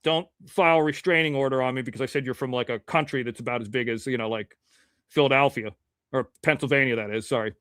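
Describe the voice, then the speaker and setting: A man's voice: medium pitch, fairly even intonation, fast talker, fairly bright tone, smooth, no room sound, clean studio sound. A man hosting a live show, chatting casually, rambling and joking as he greets viewers. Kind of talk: casual live-stream chat.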